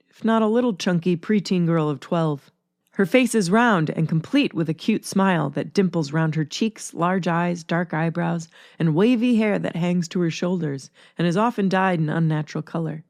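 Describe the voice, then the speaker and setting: Lady reading a story chapter, kinda low voice, close dry mic. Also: a little mellow, dry recording. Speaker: narrator.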